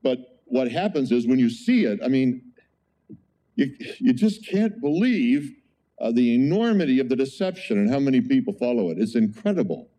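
A man preaching a conversational sermon as a pastor, telling an animated story with frequent exclamations. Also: mid-range voice, normal speed.

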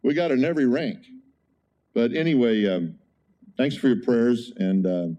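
Mellow-voiced pastor telling a story. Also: male voice, mid-range voice, moderate pace, highs cut off. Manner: animated storytelling, exclaiming. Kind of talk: conversational sermon.

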